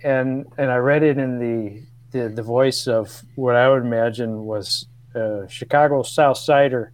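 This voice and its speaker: A man's voice: mid-range voice, takes it slowly, no room sound. Brief: man in his 50s, radio guest, chatty and self-mocking, close dry mic. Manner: storytelling, laughs often, hesitant restarts. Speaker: guest, former radio co-producer. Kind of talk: casual radio chat.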